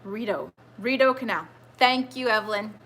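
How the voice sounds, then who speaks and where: Woman, thirties, trivia live-stream host at home: bright, talkative, easygoing rambler who reads the chat aloud. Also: medium pitch, normal speed, a little hiss or hum. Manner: chatty, rambling, reads viewer comments aloud. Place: home with children nearby.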